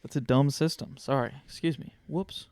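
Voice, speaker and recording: A man's voice: mid-range voice, normal speed, a little mellow, clean tone, no echo. A young man hosting a podcast, chatting casually and telling stories with slang, laughing often. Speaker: podcast host. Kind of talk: casual chat.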